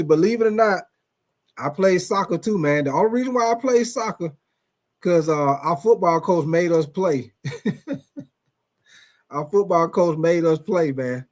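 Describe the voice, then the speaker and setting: A man from Atlanta, USA, hosts a sports livestream in a voice on the high side with a darkish tone. In casual chat, he tells loose, profane stories and calls out viewers by name.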